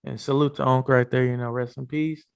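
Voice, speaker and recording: A man hosting a casual sports interview podcast, talking in a relaxed, loose way with many fillers. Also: medium pitch, a little fast, creaky, clear, resonant tone. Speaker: podcast host.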